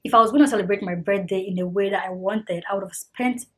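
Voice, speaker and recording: Husky woman, earnest vlog talk. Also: medium pitch, quick pace, a bit bright. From Ghana. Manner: earnest, heartfelt, repeats herself for emphasis. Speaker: vlogger. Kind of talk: casual talk to camera.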